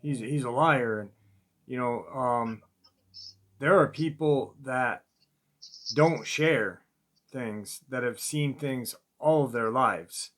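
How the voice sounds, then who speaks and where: A man hosting an interview who speaks in a halting, soft-spoken way with many fillers. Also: medium pitch. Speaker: podcast host, interviewer. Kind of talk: casual interview chat.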